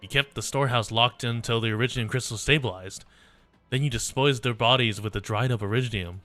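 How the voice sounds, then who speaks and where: A man voicing a stern young infected woman who accuses villagers in a measured, cold way, read aloud from a game story. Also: mid-range voice, pushed and bright, no room sound, soft background music, natural voice. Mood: grieving.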